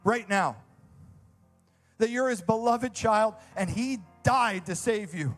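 A man's voice: sits high, slow pace, soft background music. A young man preaching a sermon as a youth pastor, earnest and enthusiastic, repeating phrases for emphasis.

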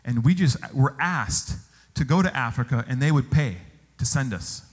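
A male pastor preaching a sermon, telling stories with animated exclamations. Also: mid-range voice, moderate pace, breathy edge. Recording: long hall reverb.

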